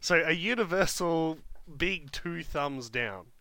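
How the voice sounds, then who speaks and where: A man hosting a casual podcast, upbeat and quick to laugh. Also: on the high side, animated, bright, forceful tone. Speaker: podcast host.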